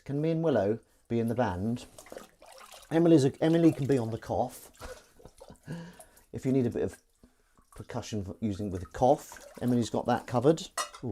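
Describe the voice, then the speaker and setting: At the kitchen sink, a man washes up while streaming live, casually rambling and mocking himself. He has a dark voice on the low side, with a bit of hiss or hum in the audio.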